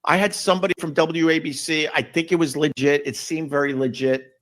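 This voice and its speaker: A man's voice: a little high, steady tone, brisk, fairly bright tone. A man streaming to his viewers, rambling and grumbling about things in a long monologue. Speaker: streamer in a played video.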